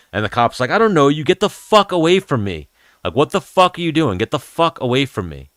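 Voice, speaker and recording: A man in his thirties hosts a casual fight-talk livestream, chatting loosely and cursing often. His voice is slightly low, with a bright, forceful edge and a crisp, clear sound. The recording is dry and close. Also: dry recording. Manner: rambling, profane, chatty. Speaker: host of an MMA livestream.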